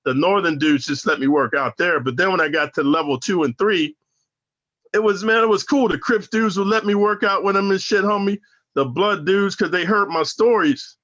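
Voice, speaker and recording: Being interviewed as a guest, a man from Northern California who once served time recounts stories casually, full of slang, profanity and emphasis. He speaks at normal speed in a high-pitched, fairly bright voice, though the recording sounds muffled.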